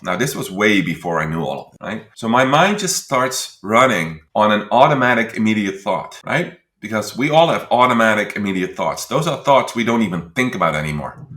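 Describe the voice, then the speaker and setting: A man with a Dutch accent tells a story as a podcast guest. His low voice swings widely in pitch as he acts out what he thought back then. The room has a clear echo. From Netherlands. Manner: animated storyteller acting out his past thoughts. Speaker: guest consultant.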